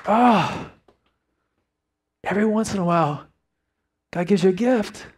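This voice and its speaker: A middle-aged man preaching a sermon, telling a family story with lively acted-out dialogue before a quiet prayer. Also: high-pitched, fairly quick, slight background noise. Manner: animated storyteller acting out family dialogue, then hushed prayer. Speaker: pastor.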